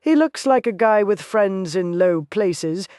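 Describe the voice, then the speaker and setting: A woman reading a psychological thriller aloud in first person, in an even, measured way. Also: medium pitch, dry recording, studio quality. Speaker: audiobook narrator. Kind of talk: scripted first-person narration.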